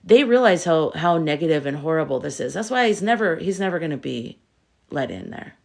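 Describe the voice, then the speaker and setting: A woman with a fairly low voice hosts a casual live stream as a tarot reader. She talks in an animated way and keeps asking her viewers rhetorical questions. Between points she reads and answers their comments. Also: brisk, vocal fry. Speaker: tarot reader and livestream host.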